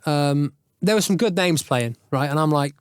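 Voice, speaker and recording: Lively man telling football stories. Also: on the high side, normal speed, clear, resonant tone, dry recording, studio quality. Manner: animated, swearing, laughs through stories. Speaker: podcast host. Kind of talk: casual storytelling chat. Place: podcast studio.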